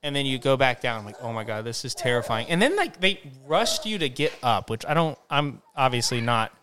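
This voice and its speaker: A young man co-hosting a podcast, telling a story in a casual, animated way and swearing freely. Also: mid-range voice, brisk, a crowd in the background. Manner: animated, acts out voices when excited, swears freely. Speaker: podcast co-host.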